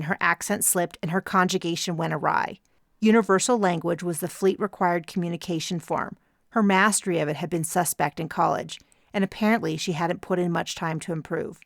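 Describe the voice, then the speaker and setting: Woman audiobook narrator, low-pitched and gravelly, measured first-person read, close dry mic. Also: steady tone, no room sound.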